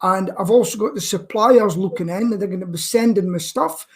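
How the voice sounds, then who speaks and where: A man's voice: high voice, a little fast. A man with a Scottish accent chats on a video call. He talks casually, fills the talk with jokes and stories, and enjoys teasing the others. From Scotland. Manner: joking, chatty storyteller. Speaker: guest on a live-stream talk show. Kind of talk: casual chat.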